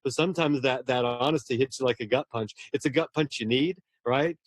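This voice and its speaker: A man's voice: medium pitch, fairly quick, no echo, clean studio sound. A man, a horror novelist, talking earnestly and at length in a casual interview, often restarting his words.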